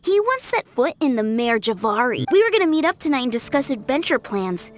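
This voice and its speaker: A woman's voice: sits high, big pitch swings, brisk. A woman voicing a friendly, eager young woman adventurer in a video game, talking earnestly.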